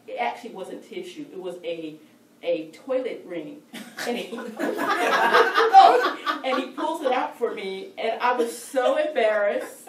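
A woman telling a personal story to a speaking club, animated and playful. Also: medium pitch, a little hiss or hum. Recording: echoey room, distant mic, faint ambience.

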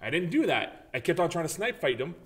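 His voice is on the high side and a little fast as he co-hosts a relaxed gaming podcast. He tells an animated story, swearing freely and acting out his own reactions.

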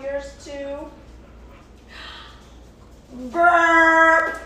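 A woman with a high voice reads a picture book to children at an unhurried pace, animated and playful as she turns to a puppet and the kids between pages. The audio is heavily echoey and picked up from a distance, with a faint hiss behind her. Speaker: children's story reader and show host.

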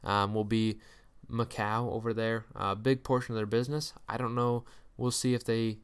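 In a clear, resonant, lowish voice with little pitch movement, this man talks at a normal speed. He's a YouTuber covering stock earnings on his own, cracking jokes and firing off mock rants at companies before saying sorry for them.

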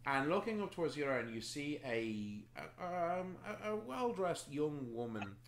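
A man narrating a tabletop game as game master, pausing often with ums as he describes scenes. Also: on the high side, big pitch swings, echoey room, a little hiss or hum. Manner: hesitant, many ums while describing scenes.

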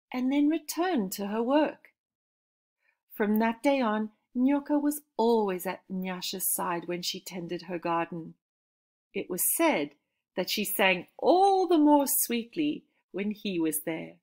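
A woman reading a children's story aloud in a calm, measured way. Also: on the high side.

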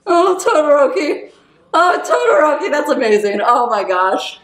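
A woman hosting an anime reaction video, gushing with excited exclamations and shrieks. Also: high-pitched, moderate pace. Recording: roomy echo.

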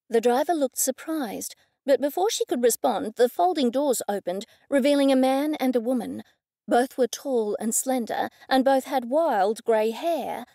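A woman reading a first-person audiobook in a lively, expressive way. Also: fairly high pitch, moderate pace, creaky, no room sound, clean studio sound. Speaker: audiobook narrator.

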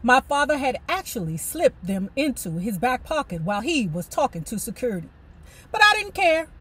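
A woman reading a memoir aloud and breaking off into animated, colloquial commentary. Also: a little high, a little fast, breathy edge. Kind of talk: book reading with casual commentary.

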